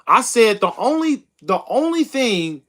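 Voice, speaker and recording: A man's voice: extremely high pitch, very animated, unhurried, a bit bright. A young man hosting a political stream, arguing with chat in a heated, mocking way and calling people bro and dude. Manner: combative, mocking, says bro and dude a lot. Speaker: host of a political livestream reading chat. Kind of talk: heated casual commentary.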